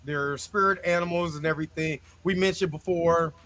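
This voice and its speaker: High, bright-voiced joking man. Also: normal speed. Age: adult parent. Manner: animated, joking, slangy. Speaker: show host. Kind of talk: casual movie review chat.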